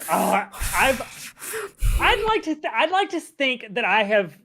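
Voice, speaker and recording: A man's voice: very high voice, very animated, a little slow, gravelly, noisy background. A man co-hosting a casual stream chat, talking in a rambling, self-reflective way and often restarting his sentences. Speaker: streamer co-host.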